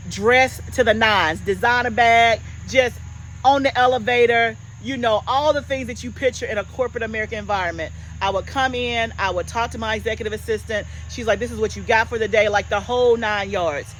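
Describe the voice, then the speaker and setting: A woman in her forties chatting casually with viewers as host of a home gardening channel, animated and talkative. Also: fairly high pitch, a little hiss or hum, poor audio. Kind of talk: casual chat.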